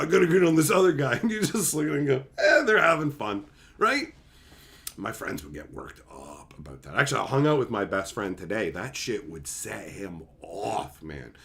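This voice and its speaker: A man's voice: medium pitch, fairly bright tone. A man from Canada hosting a live stream, telling stories in casual, profane chat and laughing often.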